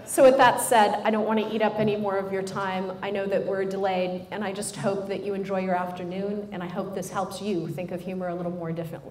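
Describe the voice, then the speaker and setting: A middle-aged woman gives a lively, joking motivational talk, speaking straight to her audience. Her voice sits at an ordinary pitch and carries around a roomy hall. A faint hiss runs underneath. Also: brisk, few pauses. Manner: animated, joking, addresses the audience directly. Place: room with a live audience.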